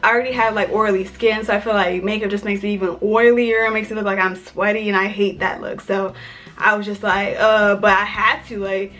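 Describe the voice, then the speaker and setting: Chatty young woman, soft music behind. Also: mid-range voice, level tone, brisk. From Maryland. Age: young adult. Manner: chatty, filler-heavy with frequent "like". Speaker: vlogger. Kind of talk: casual storytime vlog. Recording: faint music under the voice. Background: soft background music.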